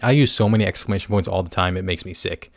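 A young podcast host with a low-pitched voice, steady tone, and vocal fry talks fast on his casual solo show, rambling, teasing himself, and saying "like" often. The studio-quality recording has no room sound.

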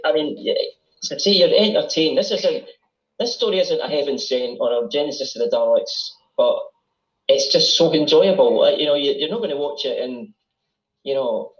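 A man guests on a casual fan podcast, rambling a little and thinking aloud as he goes. His voice sits a little high. The recording is roomy and dull, with a lo-fi sound. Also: expressive, moderate pace.

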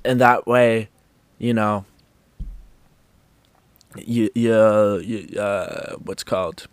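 Rambling podcast host, dry close sound. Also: male voice, lowish voice, steady tone, drawn-out words, smooth, no echo. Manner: rambling, swears, many restarts. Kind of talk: casual podcast chat.

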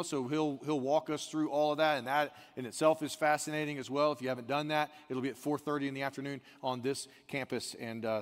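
A man preaching a sermon as pastor, chatty and animated as he tells stories. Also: medium pitch, long reverb tail. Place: church.

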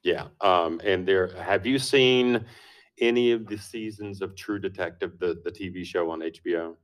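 A man hosting a talk radio show, speaking in an unhurried, thoughtful way with frequent pauses. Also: sits low.

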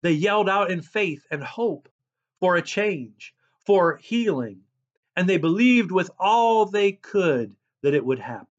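A man preaching a sermon as a pastor, reading scripture and describing himself as a loud person. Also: high voice, lively intonation, unhurried, dull audio.

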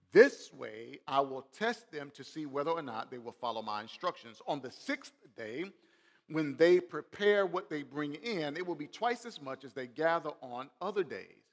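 A man, a pastor, preaching a sermon. He swells and drops in volume and talks straight to the congregation with questions. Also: a little high. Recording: long hall reverb.

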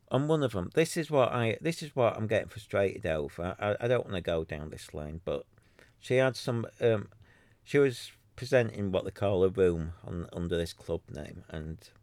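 A man's voice: on the low side, a little mellow, no echo. A man hosting a solo podcast, ranting in an exasperated, sarcastic way and rambling with many restarts. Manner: exasperated, sarcastic, mocks others in put-on voices. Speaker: podcaster running a free website.

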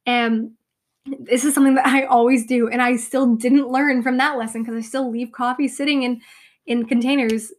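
A young woman talks casually into a close podcast mic, pitched a little high. She rambles and pokes fun at herself, with plenty of fillers. Her voice is slightly hoarse and fading. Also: steady tone, normal speed. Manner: chatty, rambling, self-deprecating, lots of "like" and "um". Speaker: podcast host.

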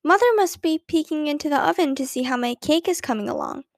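A woman voicing an upset young girl, an earnest older sister who is quick to get indignant. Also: high-pitched, no room sound, clean studio sound, pitched above the performer's own voice. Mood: puzzled.

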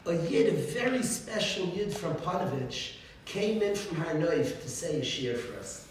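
A man, a rabbi, giving an informal religious talk full of animated stories and frequent chuckles. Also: fairly high pitch, a little slow. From United States. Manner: animated storytelling, chuckles often. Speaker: rabbi teaching a class. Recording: very echoey room, distant mic, faint noise.

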